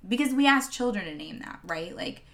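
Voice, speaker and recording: A woman's voice: a little high, lively intonation, a little fast, a bit bright. A woman, a former teacher, giving a reflective interview answer in an earnest, conversational way with many fillers.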